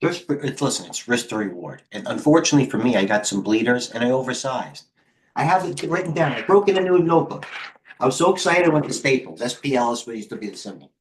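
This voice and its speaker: Slight background noise sits under this middle-aged man's medium-pitched, expressive voice as he talks fast on his live trading stream. Out of breath, he rambles, jokes at his own expense, and mutters to himself.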